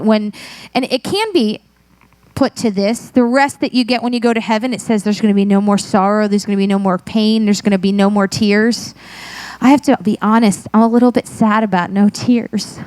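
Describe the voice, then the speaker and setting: A woman pastor in her thirties gives a relaxed, humorous sermon and talks straight to her church. Her voice sits a little high and the sound is dry and close, with almost no room echo. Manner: animated, joking and self-deprecating with the congregation. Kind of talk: conversational sermon. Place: church sanctuary.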